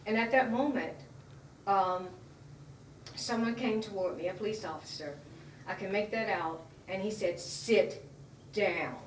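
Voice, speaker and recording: A woman giving an emotional, halting personal account as an interviewee. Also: mid-range voice. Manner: earnest, emotional, halting retelling. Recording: roomy, distant mic, faint noise.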